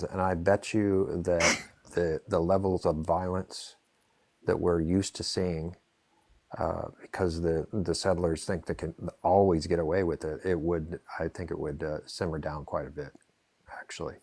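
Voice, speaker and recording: A man's voice: deep voice, level tone, unhurried, a little mellow, no echo. A man speaking as a guest on a live online panel, hesitant and full of restarts. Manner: hesitant, many fillers and restarts. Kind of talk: casual live-stream discussion.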